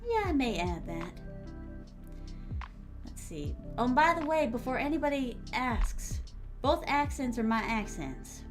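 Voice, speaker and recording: A woman's voice: high-pitched, expressive, a little slow, pauses often, over music. A young woman streamer chatting casually with her viewers while she writes. She speaks with theatrical, refined diction and calls her audience "my starlings". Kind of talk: casual live-stream chat while writing.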